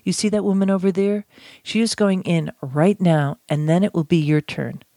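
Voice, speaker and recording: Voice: medium pitch, steady tone, normal speed, dark tone, no echo, clean studio sound, natural voice. Reader voicing a reassuring female receptionist. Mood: soothing. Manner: soothing, reassuring. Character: calm female office worker. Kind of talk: read-aloud role play.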